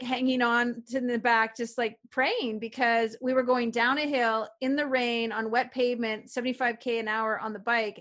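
A middle-aged woman from Canada, a guest telling stories in a casual interview, upbeat and animated, repeating affirmations. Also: on the high side. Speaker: guest, author and publisher.

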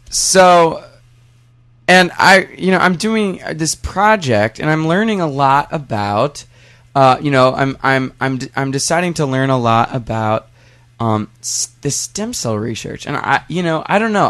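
A man's voice: on the high side, a bit bright, no room sound. Rambling young man co-hosting a chat show. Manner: rambling, halting, full of restarts. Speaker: co-host. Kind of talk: casual chat.

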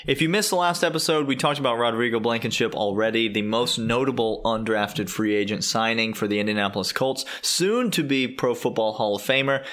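A man's voice: lowish voice, fairly bright tone. A man hosting a sports podcast in casual chat, upbeat and playful, and he laughs often. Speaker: podcast host.

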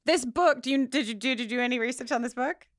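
A woman co-hosting a podcast, casually recapping a TV episode in an animated, rambling way with many restarts. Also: fairly high pitch, quick pace, dry recording, studio quality. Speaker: podcast co-host.

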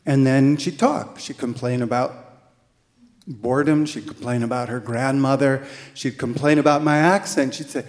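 Male storyteller, unhurried and halting, mid pitch, live stage echo. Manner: halting, with restarts. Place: theater stage.

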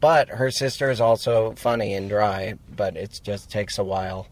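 A man's voice: fairly low pitch, moderate pace, poor audio. A man co-hosting a podcast, chatting in a dry, rambling, jokey way from a moving car. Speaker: podcast co-host. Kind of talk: casual chat.

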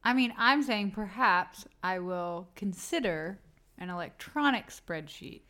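A woman co-hosting a casual sports betting podcast, giving short deadpan replies. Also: medium pitch, unhurried. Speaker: podcast co-host.

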